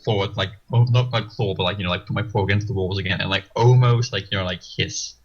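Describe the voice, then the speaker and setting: A man playing in a tabletop game, describing his cat's actions in a rambling, halting way. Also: low-pitched, fairly even intonation, husky, lo-fi sound. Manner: rambling, halting, many likes. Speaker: player. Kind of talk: casual tabletop role-play.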